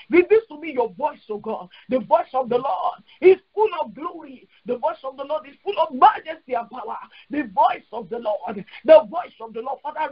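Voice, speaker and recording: High-voiced fervent Nigerian woman pastor. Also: husky. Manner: fervent, repetitive declarations, prays in tongues. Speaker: pastor leading prayer call. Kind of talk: fervent prayer and preaching. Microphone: phone dial-in. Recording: dull lo-fi phone call audio.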